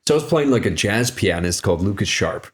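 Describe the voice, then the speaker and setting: Young male guest, low-pitched, lively storyteller who does voices for quoted people. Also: fast talker. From Ohio, US. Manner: animated, acts out quotes in raised voices. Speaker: actor and violinist guest. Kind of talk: casual interview storytelling.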